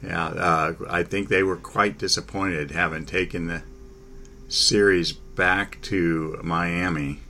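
A man hosting a casual sports talk chat, halting, with many fillers and restarts. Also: low voice, fairly even intonation, vocal fry, bright, forceful tone, a little hiss or hum.

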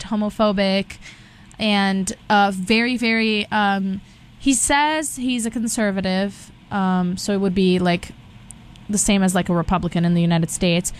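A young woman talks freely as a guest, her plain. She chats in a loose, casual way, starting over mid-sentence and leaning on fillers. Her voice sits at an ordinary middle pitch for a woman. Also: smooth. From Brazil. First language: Portuguese. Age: young adult. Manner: chatty, restarts often with many fillers. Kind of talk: casual chat.

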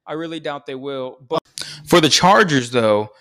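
Male podcast co-host, smooth voice, loose profane sports chatter. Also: fairly high pitch, animated, moderate pace, a bit bright. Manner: rambling, profane, opinionated. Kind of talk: casual sports chat.

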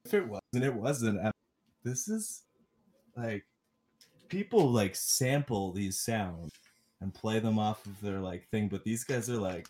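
Male co-host, low-ish register, rambling, giggly, profane. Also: lively intonation, a little slow, darkish tone, slight background noise. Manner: rambling, laughing, lots of fillers and swearing. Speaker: podcast co-host. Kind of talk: casual chat.

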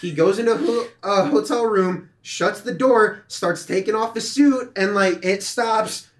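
A man co-hosting a casual podcast chat, bantering in a profane, deadpan way. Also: high voice, unhurried, reverberant. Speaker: podcast co-host.

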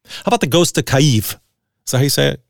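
A man's voice: a little high, animated, very fast, gravelly, dry recording, studio quality. A middle-aged man hosting a solo podcast, talking bluntly and ranting with lots of swearing. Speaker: podcast host.

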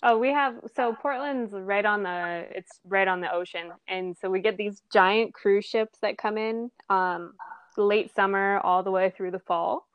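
A young adult woman who manages a restaurant, chatting casually, animated and laughing often. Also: medium pitch, unhurried, smooth, muffled recording. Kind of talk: casual chat.

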